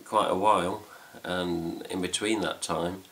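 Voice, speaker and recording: A man's voice: sits low, fairly even intonation, unhurried, fairly bright tone. A middle-aged man with an English accent, rambling casually to camera at home as host of a fan news video, swearing lightly as he goes. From England. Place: home room with cats.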